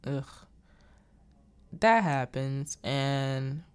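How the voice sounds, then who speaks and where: A woman's voice: a bass voice, expressive, drawn-out words, clear, resonant tone. A young adult woman casually recapping a film plot, rambling with lots of filler and exasperated asides. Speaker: vlogger reviewing a film.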